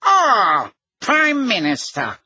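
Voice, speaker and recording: A man reading an audiobook, voicing a careworn, middle-aged wizard minister who talks slowly and wearily. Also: high-pitched, wildly swooping pitch, sharp tone, breathy edge, dry recording, lo-fi sound, pitched above the performer's own voice, full character voice. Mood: brisk greeting. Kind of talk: audiobook character voice.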